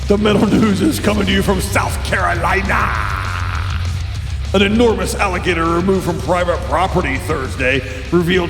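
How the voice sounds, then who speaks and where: Shouting man drenched in reverb. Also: high voice, fairly even intonation, moderate pace. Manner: shouted, hyped announcer delivery. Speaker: podcast co-host. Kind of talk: mock heavy-metal news segment. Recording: heavy added reverb with music.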